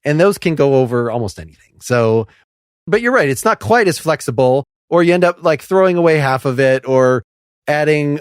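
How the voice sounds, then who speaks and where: This podcast host has a medium-pitched, resonant, clear voice with lively intonation and normal speed, recorded dry in a clean studio. Hosting a music podcast in a casual interview chat, he asks long, rambling, inquisitive questions and laughs often.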